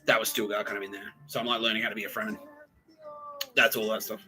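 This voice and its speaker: A man's voice: lowish voice, little pitch movement, fast, over music, low-quality recording. A man hosting a podcast, telling a rambling comic story, often laughing and acting out the voices of people in it. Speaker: podcast host. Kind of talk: rambling comedic monologue.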